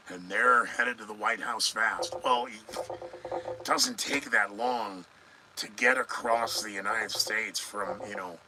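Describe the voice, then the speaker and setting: Middle-aged male podcast host, sarcastic news commentary, very bright, sharp tone, rambling asides to viewers. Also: medium pitch, a little hiss or hum, rough recording.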